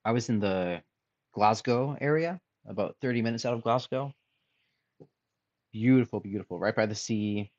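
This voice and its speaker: A man chatting casually on a drawing stream, musing aloud softly as he sketches. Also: fairly low pitch, moderate pace, pauses often, no echo, lo-fi sound. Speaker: streamer and artist. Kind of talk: casual chat while drawing.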